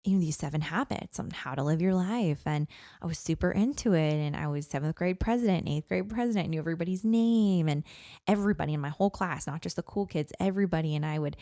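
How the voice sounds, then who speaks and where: A woman in her thirties talks through her own story as a podcast guest, earnest and animated, scattering "like" and "you know" as she goes. Her voice is dark and mellow, with a gravelly fry in it. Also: on the low side, quick pace, dry recording, studio quality. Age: 30s. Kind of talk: personal storytelling in conversation.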